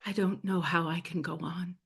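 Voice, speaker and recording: A woman telling a dramatic story in the first person, speaking in a hushed voice that often sinks to a soft near-whisper. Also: on the low side, fairly even intonation, moderate pace, gravelly, slightly rough.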